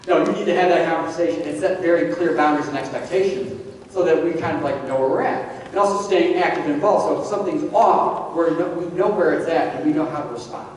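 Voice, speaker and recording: Casual male presenter with a fairly high voice, heard from a distance in a reverberant hall. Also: quick pace, darkish tone. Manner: conversational, many fillers like "like". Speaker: addiction therapist presenting. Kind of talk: casual public talk to parents. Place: large echoey hall. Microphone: distant from the recorder. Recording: echoey hall from far off, faint background hum.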